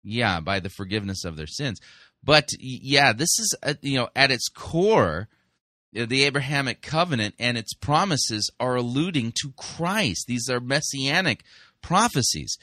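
A male podcast host reviewing a sermon in a conversational way, full of fillers, slowing down to stress key words. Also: medium pitch, lively intonation, pushed and bright, no room sound, clean studio sound.

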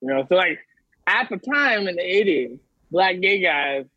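A man's voice: high voice, lively intonation, moderate pace, bright, forceful tone, dry recording, highs cut off. A man in casual podcast chat, blunt and crude in his jokes.

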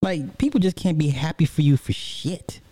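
A man reacts to a clip in a heated, blunt and profane way. His voice is very dark and sits a little high for a man. The sound is dry and close, with no room in it. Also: expressive, moderate pace, slightly rough, no room sound. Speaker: reaction commentator.

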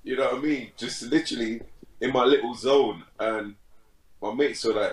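Laid-back young man, low voice. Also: moderate pace, reverberant, poor audio. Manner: laid-back, laughs often, says "bro" a lot. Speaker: podcast guest, fitness content creator. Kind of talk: casual chat.

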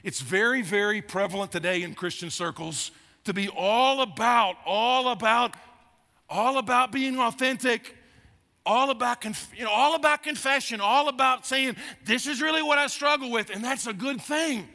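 A high, gravelly male pastor in his fifties preaching a sermon. He talks with a bright, forceful edge and drives points home by repeating them. His voice rings with the long reverb of a big church sanctuary. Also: normal speed. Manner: emphatic, repeats phrases, grows animated. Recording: long reverb of a large hall.

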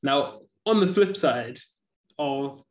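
A young man hosting a casual podcast chat, relaxed and quick to laugh, dropping "man" often. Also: mid-range voice. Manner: relaxed, laughs easily, says "man" a lot.

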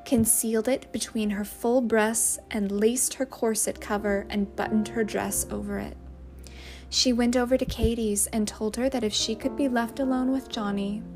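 A woman narrating a novel chapter in a measured, unhurried reading. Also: mid-range voice, gravelly. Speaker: audiobook narrator. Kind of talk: scripted storybook narration.

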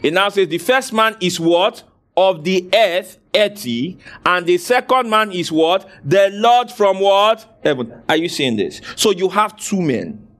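A man's voice: sits high, animated, unhurried, fairly bright tone. A male pastor preaching a sermon, asking the congregation to fill in words and exclaiming hallelujah. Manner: call-and-response questioning, frequent hallelujahs.

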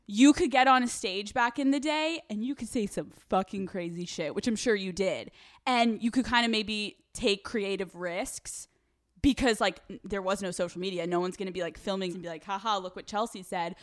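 A woman's voice: mid-range voice, normal speed, no echo, studio quality. A young woman from Pennsylvania hosting a podcast, chatting brashly and profanely with a fangirl streak. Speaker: podcast host. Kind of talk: casual interview chat.

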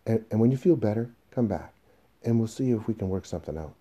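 A man's voice: on the low side, animated, fast talker, mellow, breathy edge, pitched above the performer's own voice. A man reading the part of an impatient young boss who brushes off an older employee. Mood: dismissive. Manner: curt, dismissive.

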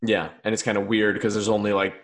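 A man hosting a casual interview, upbeat, with quick interjections and easy laughs. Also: fairly low pitch, little pitch movement. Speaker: host.

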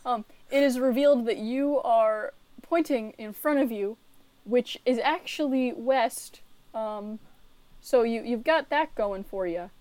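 Teasing female game master, fairly high voice, dry close sound. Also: a little slow, a little mellow, no room sound. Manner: giggly, teasing, filler-heavy. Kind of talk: narrating a tabletop game.

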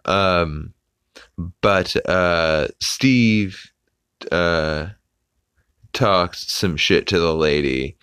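A man's voice: deep voice, extremely slow, pauses often, a bit bright, clean tone, dry recording. A young adult man hosting a podcast, casually recapping a cartoon with lots of fillers and the odd swear, on a close mic. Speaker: podcast host.

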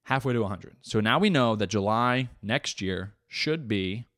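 A man's voice: fairly low pitch, lively intonation, moderate pace, a bit bright, no room sound, studio quality. A young man hosting his own podcast in a casual, rambling, profane and jokey way. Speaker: podcast host. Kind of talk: casual solo podcast chat.

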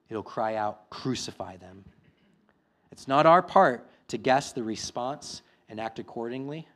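A male pastor preaching a sermon, moving from quiet, reflective passages to loud, emphatic declarations. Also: fairly low pitch.

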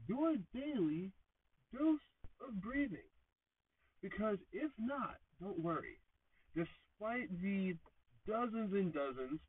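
A man hosting his own podcast in a sarcastic, self-mocking joking monologue. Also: husky. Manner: sarcastic, self-mocking, theatrical swings in pitch and volume. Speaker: podcast host. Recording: tinny phone-like sound, distant from mic.

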